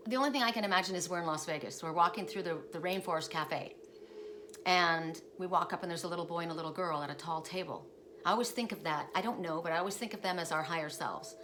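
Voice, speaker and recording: Rambling woman with a lowish voice. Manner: rambling, self-correcting, digressive. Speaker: oracle card reader. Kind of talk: casual spiritual storytelling. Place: her home by a lake. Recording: steady background noise.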